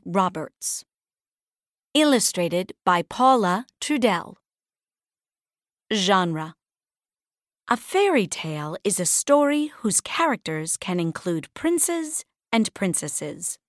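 Slow, lively storybook reader woman. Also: no room sound, clean studio sound. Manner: clear, deliberate reading with lively pitch. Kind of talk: slow read-aloud storybook narration.

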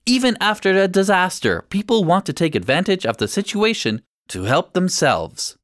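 A village woman with a sharp, interrupting manner, put on by a man reading aloud, her voice lifted high and swinging widely in pitch. She speaks in a storybook reading recorded dry and close, with no room around it. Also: big pitch swings, no room sound. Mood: accusing. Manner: accusing, quick to interrupt. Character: upset village woman, sharp then grateful. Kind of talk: audiobook reading.

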